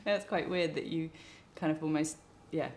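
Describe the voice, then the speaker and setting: A woman with a creaky, gravelly edge to her voice talks in a thoughtful, wandering way. She often restarts her sentences. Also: sits low, fairly even intonation, moderate pace. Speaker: interviewee, artist. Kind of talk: reflective interview talk.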